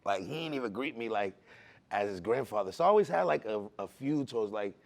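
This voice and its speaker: A man from the Bronx, telling his personal testimony in a casual, animated way with street slang. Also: lowish voice, fairly quick, creaky. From the Bronx, New York. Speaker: speaker giving a personal testimony.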